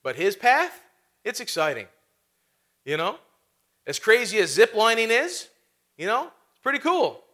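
A man's voice: sits high, very animated, a little slow, pauses often, bright, forceful tone. A man preaching a sermon as a pastor, in a conversational way full of rhetorical questions and asides.

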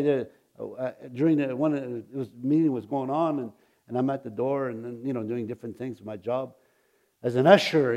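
A man, a pastor, telling a personal testimony in a rambling, halting way, with many restarts and chuckles. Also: medium pitch, a little mellow. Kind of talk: testimony storytelling.

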